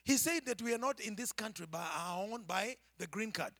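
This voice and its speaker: A man preaching a sermon to his church, swinging from shouted climaxes to hushed, near-whispered asides. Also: high-pitched, lively intonation, brisk, no room sound, studio quality.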